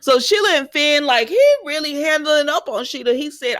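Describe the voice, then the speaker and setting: A young woman chatting casually to her viewers as she recaps a soap opera episode, animated and talking straight to them. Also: high-pitched, a little fast, few pauses.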